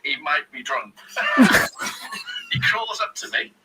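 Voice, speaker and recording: Welsh ex-footballer guest, lively storyteller, sits back from the mic with background noise. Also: male voice, fairly high pitch, takes it slowly, distant mic, over loud music, rough recording. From Wales. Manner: animated, laughs through his storytelling. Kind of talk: casual anecdote telling.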